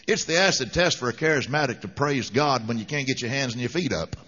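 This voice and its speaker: A man's voice: mid-range voice, animated, fast talker, sharp tone, husky. A man preaching a sermon with an emphatic, fervent delivery. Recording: dull lo-fi sound with long hall reverb.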